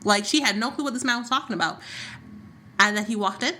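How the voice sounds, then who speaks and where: A woman co-hosting a podcast, recapping a soap opera in casual chat with sassy, animated retelling. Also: fairly high pitch, fast. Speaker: podcast co-host.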